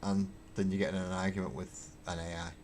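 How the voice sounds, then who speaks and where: A man hosting a casual livestream while painting miniatures, rambling wryly and thinking out loud as he answers viewer comments from his hobby room at home. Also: sits low, flat delivery, fairly quick, noisy background. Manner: rambling, wry, thinks aloud with fillers. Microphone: webcam.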